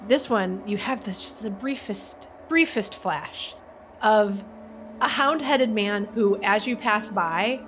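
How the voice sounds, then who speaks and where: A woman's voice: medium pitch, takes it slowly, a bit bright, a little hiss or hum. A woman running a tabletop role-playing game as game master, narrating playfully and often laughing.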